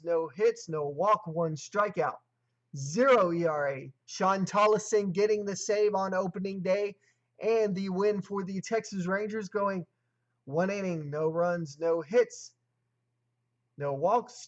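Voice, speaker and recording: High-voiced man reading baseball stats. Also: highs cut off. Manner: recites stats in clipped lists, then emphatic opinions. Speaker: sports show host. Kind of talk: solo sports commentary livestream.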